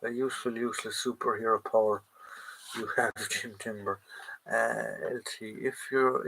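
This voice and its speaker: A man's voice: lowish voice, gravelly, pushed and bright, rough recording. A man hosting a live stream, chatting casually and answering viewers with many fillers and restarts.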